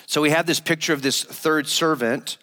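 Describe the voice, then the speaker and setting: A man, an associate pastor, preaching a sermon and retelling a parable in a relaxed, conversational way. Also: on the high side, normal speed. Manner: conversational storytelling, retells a parable in casual everyday phrasing. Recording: long reverb of a large hall.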